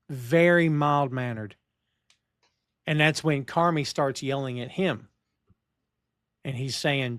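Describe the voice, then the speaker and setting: A man's voice: a little high, lively intonation, unhurried, pauses often, fairly bright tone, no room sound, clean studio sound. A man co-hosting a podcast who bluntly recaps what happened in a show. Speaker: podcast co-host. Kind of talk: casual chat, recapping an episode.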